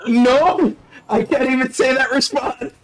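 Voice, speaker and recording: A man's voice: very high voice, unhurried. A man chatting casually on a livestream, teasing and laughing often. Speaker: streamer.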